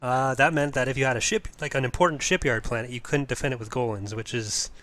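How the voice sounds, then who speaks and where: A young man in his twenties chats through a game build on a livestream. He speaks at a middle pitch in a relaxed, self-mocking way. He often pauses on "uh" as he explains. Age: 20s. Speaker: mod developer hosting a stream. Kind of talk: casual gaming livestream chat.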